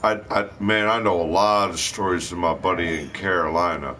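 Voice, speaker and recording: A man's voice: deep voice, fairly even intonation, normal speed, sharp tone, slight background noise. A middle-aged man hosting a live stream, telling rambling, profane stories in casual chat. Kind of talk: casual storytelling.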